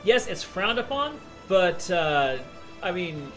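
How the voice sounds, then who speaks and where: A slightly high-voiced man chats easily while playing a video game live, reading viewers' messages aloud and musing about the story. Game music plays clearly underneath his talk. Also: big pitch swings, slow, fairly bright tone. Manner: chatty, reads out chat messages. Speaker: streamer co-host. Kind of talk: casual chat while gaming.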